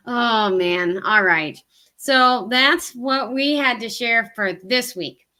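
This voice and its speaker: Southern lady rambling on a hiking livestream, lots of ums, bright tone. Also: fairly high pitch. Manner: chatty, rambling, with frequent ums and laughs. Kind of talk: casual live-stream chat.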